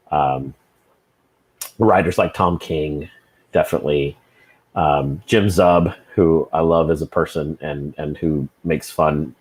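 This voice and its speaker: Deep-voiced man, halting and thoughtful. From California. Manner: halting, repeating words as he thinks. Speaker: comic book creator guest. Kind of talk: casual interview answers.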